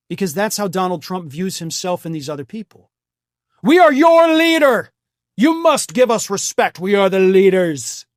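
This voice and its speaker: A man's voice: high voice, no echo, studio quality. A man hosting a political commentary show, talking in a scornful, heated and mocking way. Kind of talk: opinionated news commentary.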